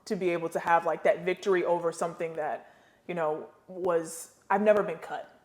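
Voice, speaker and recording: Animated woman telling stories. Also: on the low side, fairly quick. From United States. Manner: animated storyteller, slangy, acts out voices. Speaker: podcast guest, former pro basketball player. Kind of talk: casual storytelling interview.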